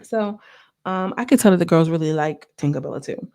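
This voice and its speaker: A woman casually recapping a reality TV episode in a gossipy vlog, acting out the cast's lines in a higher voice. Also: brisk, creaky, darkish tone. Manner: chatty, gossipy, acts out quotes with raised pitch. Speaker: reality TV reviewer.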